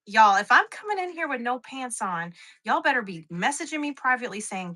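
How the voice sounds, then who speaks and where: On a live shopping stream, a young woman sells quilting supplies, chatting away, poking fun at herself, and laughing often. Her voice is fairly high and sing-song, fairly quick, with a pushed, bright quality.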